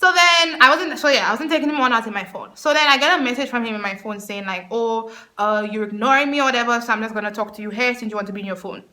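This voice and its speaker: A young woman telling a storytime vlog in a chatty, animated way, laughing often. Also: fairly high pitch, fast talker. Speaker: vlogger.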